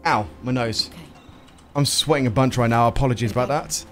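A young man streaming a speedrun, chatting to viewers and reacting loudly to close calls. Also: mid-range voice, brisk. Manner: excitable, shouts and laughs at close calls, greets chat casually. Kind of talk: excitable live gameplay commentary. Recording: game music playing behind.

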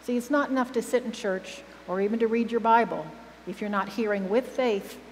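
This female preacher talks a little high and fairly quickly, with a slightly dark tone. Her delivery is earnest and forceful, and she often questions the congregation. The church hall recording carries reverb and a low hum.

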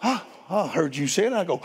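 A man preaching as a guest in a church, telling stories in a playful, animated way and laughing along. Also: high voice. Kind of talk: storytelling sermon. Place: church sanctuary. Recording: long reverb of a church hall.

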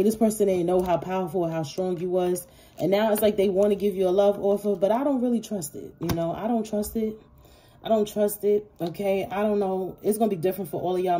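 Woman tarot reader, lowish mellow voice, blunt and profane, talks straight to viewers. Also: slight background noise. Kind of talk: casual tarot reading.

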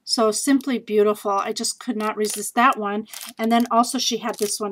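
A woman casually chatting in a home video as she shows off scrapbooking supplies she bought, bubbly and gushing, with lots of fillers and quick asides. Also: medium pitch, fairly even intonation, slight background noise, low-quality recording. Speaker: scrapbooking vlogger showing a craft haul. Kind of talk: casual haul video chat.

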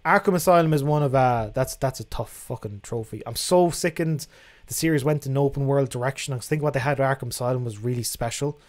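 A man's voice: medium pitch, fast talker, a little mellow. A young man hosting a casual livestream, reading out viewer questions and answering them in a frank, chatty way that includes casual swearing. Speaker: livestream host.

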